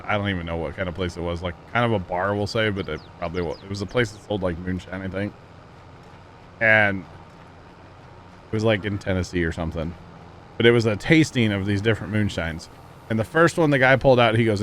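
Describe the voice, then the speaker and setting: A man's voice: fairly low pitch, fairly bright tone, slight background noise. A man hosting a farming game livestream, chatting casually, rambling and laughing at his own stories. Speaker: livestream host. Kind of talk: casual gaming stream chat.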